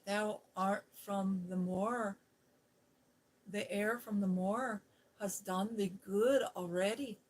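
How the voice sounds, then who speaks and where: A woman's voice: mid-range voice, fairly even intonation, poor audio. A woman doing a broad Yorkshire maid. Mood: fond, frank. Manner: broad old Yorkshire dialect, slow and loud. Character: blunt, friendly young Yorkshire maid woman.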